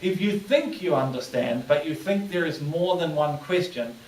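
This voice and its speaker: A man's voice: fairly high pitch, lively intonation, normal speed, a little mellow, slight background noise. A male lecturer giving a classroom lecture with a patient, plain instructive delivery. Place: lecture room. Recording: echoey room from far off.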